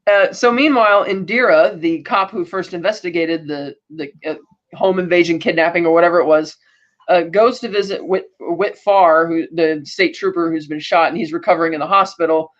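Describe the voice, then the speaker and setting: Podcast co-host, male, high-pitched, rambling episode recap, dull recording. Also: steady tone, moderate pace, fairly bright tone. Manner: rambling, with many restarts and likes. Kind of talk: casual chat recapping a TV episode.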